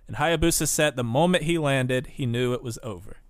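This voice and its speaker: A man's voice: mid-range voice, brisk, clear, resonant tone, no room sound, studio quality. A man co-hosting a podcast, reading a prepared recap as scripted narration. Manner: read-aloud recap. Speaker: podcast co-host.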